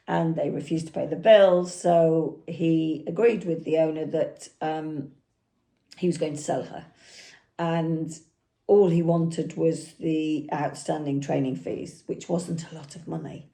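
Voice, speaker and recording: Slow gravelly woman, rambling. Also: low-pitched, steady tone, mellow. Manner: rambling, anecdotal, filler-heavy. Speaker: horse eventer and yard owner. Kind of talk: casual vlog talk.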